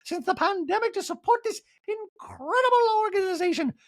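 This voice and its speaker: A man voicing an over-the-top woman emcee in a squealing, whooping falsetto. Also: animated, brisk, no room sound, clean studio sound. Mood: gushing. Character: squealing excited woman emcee, gushing hostess.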